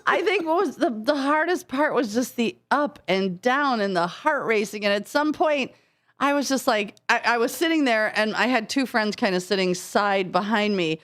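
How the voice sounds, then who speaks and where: A woman co-hosting a morning radio show from a studio, chatting casually, excitable and quick to laugh as she tells stories. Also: a little high. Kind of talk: casual on-air banter.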